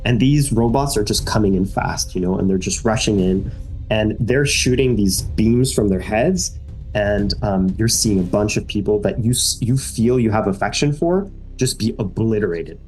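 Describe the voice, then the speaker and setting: Low-voiced man narrating as game master. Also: normal speed, a little mellow, soft background music. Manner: casual, rambling with many fillers.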